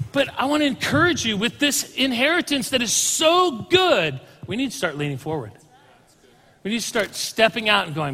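A man's voice: sits high, animated, moderate pace, sharp tone, long reverb tail. A man preaching a sermon as a pastor, talking casually and asking the congregation questions. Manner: conversational, asks the congregation questions.

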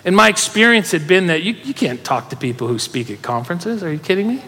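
A man with a high voice preaches in a large church hall, and a long reverb trails after his words. He tells stories with energy and urges the congregation to join in. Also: fast. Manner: animated storytelling preacher, urging the congregation. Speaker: pastor. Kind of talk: sermon.

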